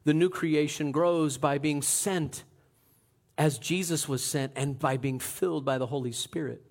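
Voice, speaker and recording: A man preaching a sermon, telling the story in an animated way that swings from loud to hushed. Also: a little high, unhurried. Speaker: pastor.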